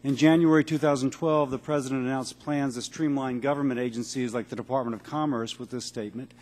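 A man who is a congressman and physician, questioning a witness at a hearing in a brisk, auctioneer-like way with blunt yes-or-no questions. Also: medium pitch, steady tone, darkish tone. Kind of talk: rapid-fire hearing questions. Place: large hearing room.

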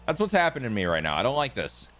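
Excitable young gamer man with a lively voice. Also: mid-range voice, very fast. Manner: excitable, swings from loud outbursts to mumbling asides; self-deprecating jokes. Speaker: gaming YouTuber. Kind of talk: casual gameplay commentary.

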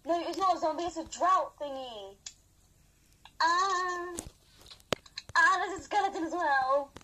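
A woman's voice: very high voice, unhurried, sharp tone, a little hiss or hum, low-quality recording. A woman bantering offhandedly as a co-player in a casual game session. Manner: offhand, lazy-sounding banter. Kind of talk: casual gameplay chat.

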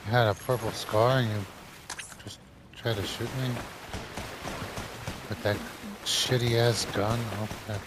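A man streaming a shooter game in casual chat, excitable, yelping and swearing when surprised. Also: lowish voice, unhurried, pauses often. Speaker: gaming streamer. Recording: noisy game audio behind voice.

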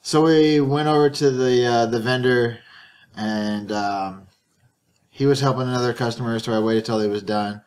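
A man's voice: medium pitch, steady tone, moderate pace, a little mellow. A man co-hosting a casual podcast, telling a long rambling story with many restarts and stammers. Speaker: podcast co-host. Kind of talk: casual chat.

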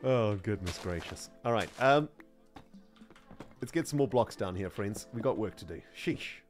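Animated South African man, low voice. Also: a little slow, soft background music. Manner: chatty and animated, laughs often, slangy. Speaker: streamer. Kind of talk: casual gameplay livestream chat.

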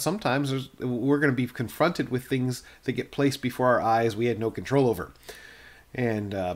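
Man, middle-aged pastor, earnest devotional sermon, plain-spoken, mid-pitched voice, frequent restarts.

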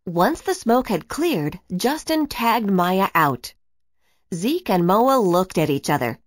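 A woman reads a children's storybook aloud with expressive, animated delivery. Her pitch swoops and dances through the lines. The sound is dry and close. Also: slow pace, dry recording. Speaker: narrator.

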